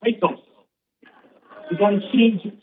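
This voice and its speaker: A man doing stand-up comedy on stage, bantering quickly and playfully with the crowd. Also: mid-range voice, very animated. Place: stage before a live audience. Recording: tinny far-off stage recording with music.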